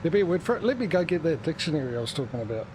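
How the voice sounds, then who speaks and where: A man's voice: fairly high pitch, sing-song, very fast, noisy background. A man hosting a casual gaming livestream, rambling chattily with sarcastic asides. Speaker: livestream gamer host.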